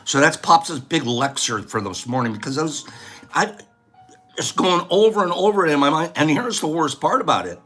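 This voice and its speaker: A man's voice: a little high, expressive, moderate pace, a bit bright. A man hosting a casual vlog, rambling and lecturing as he talks. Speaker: host.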